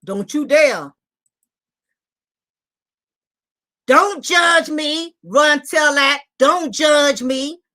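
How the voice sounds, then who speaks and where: Shouting cursing single mother put on by a woman, high pitch, bright tense tone, repetitive rant. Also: full character voice. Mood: indignant. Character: loud furious defensive single mother, adult woman. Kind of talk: comedic rant impression.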